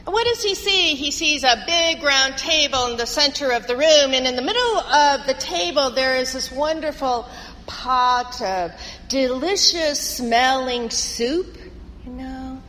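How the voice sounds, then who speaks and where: Woman pastor, high voice, slow measured sermon delivery, reverberant sanctuary. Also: sharp tone, slight background noise. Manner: earnest storytelling with rhythmic, measured phrasing.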